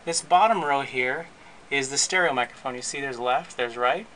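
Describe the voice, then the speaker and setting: A man hosting his podcast, casually walking through his recording and editing setup in a relaxed, rambling way with frequent restarts. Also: medium pitch, moderate pace, slight background noise, rough recording. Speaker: podcast host and editor. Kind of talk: casual gear walkthrough.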